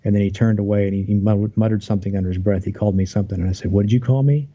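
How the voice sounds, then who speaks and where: A man's voice: on the low side, completely flat delivery, very fast, warm tone, muffled recording. A man as an interview guest, earnestly telling his story of a workplace conflict, aggrieved, with many restarts.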